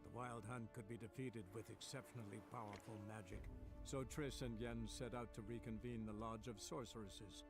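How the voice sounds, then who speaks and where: A man narrating a fantasy game's story, measured. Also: fairly low pitch, steady tone, close to an everyday voice. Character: adult male storybook narrator of a fantasy game. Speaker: game narrator. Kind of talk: scripted narration. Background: game music.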